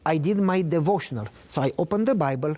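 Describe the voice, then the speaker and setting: A man's voice: fairly high pitch, expressive, fast, dark tone. A man earnestly recounting a personal faith story in a conversational interview, acting out the dialogue he quotes. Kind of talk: conversational testimony.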